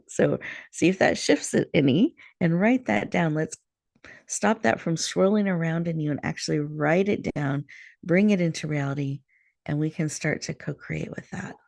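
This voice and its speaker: A woman hosting a show, leading listeners through a guided breathing meditation in a soft, soothing way over a video call. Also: low-pitched, vocal fry, dry recording, studio quality. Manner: soft, slow, soothing guidance. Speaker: host.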